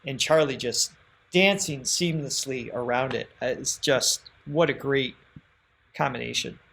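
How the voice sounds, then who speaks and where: A man's voice: mid-range voice, a little slow, creaky, fairly bright tone. A man co-hosting a song reaction livestream, chatting casually, laughing often and thanking viewers by name.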